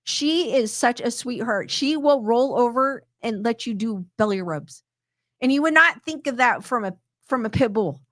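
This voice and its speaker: A woman's voice: a little high, lively intonation, normal speed, a bit bright, dry recording, studio quality. A middle-aged woman hosting a casual live stream, chatty and rambling, often restarting her sentences and reading out viewer comments. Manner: reads viewer comments aloud. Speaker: host reading chat comments.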